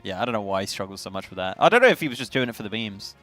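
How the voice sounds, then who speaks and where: Man, 30s, joking stream co-host, animated pitch, faint background music. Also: very fast, no room sound. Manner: joking, playful, laughs at own slips. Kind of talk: casual chat.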